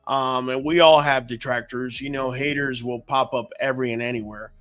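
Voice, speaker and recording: Bright-voiced man hosting a podcast. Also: mid-range voice, steady tone, normal speed, faint music behind. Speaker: podcast host. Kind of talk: casual interview.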